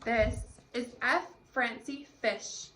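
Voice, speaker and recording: A woman's voice: on the high side, takes it slowly, bright, forceful tone, slight background noise. A woman teacher leading a cheerful, sing-song phonics lesson for young children, demonstrating letter sounds.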